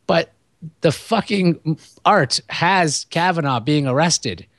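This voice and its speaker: A man co-hosting a podcast, chatting casually about movies in a rambling, profane, animated way. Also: fairly high pitch, slow pace. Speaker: podcast co-host.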